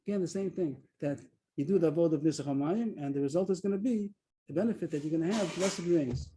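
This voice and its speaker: A man's voice: on the high side, fast, mellow, a little hiss or hum, rough recording. A man teaching a Talmud class over a video call, explaining a text step by step and stressing key words. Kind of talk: online Talmud lesson. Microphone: video call mic.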